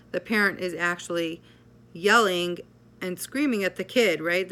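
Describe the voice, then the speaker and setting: A woman psychotherapist giving a measured explanatory talk, often checking in with "right?". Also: fairly low pitch, pushed and bright, smooth.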